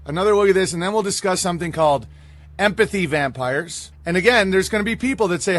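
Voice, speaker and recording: A man's voice: high voice, expressive, quick pace, fairly bright tone. A man hosting a reaction commentary video, speaking bluntly and with dismissive sarcasm.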